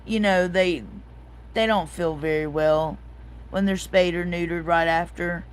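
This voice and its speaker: A woman's voice: fairly low pitch, steady tone, unhurried, clear, resonant tone, poor audio. A woman, hosting a casual livestream chat, telling a story and reading out viewer comments. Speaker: host.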